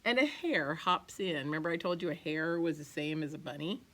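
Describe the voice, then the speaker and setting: A woman teacher reading a picture book aloud to her class, expressive and playful, with asides to the children. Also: low voice, brisk.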